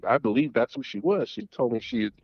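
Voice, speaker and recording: A man's voice: mid-range voice, animated, fast, a little mellow, slightly rough, dry recording. A middle-aged man, calling in, tells a long story in a rambling way, with restarts and repeated words. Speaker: caller. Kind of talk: casual storytelling. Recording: dull lo-fi audio.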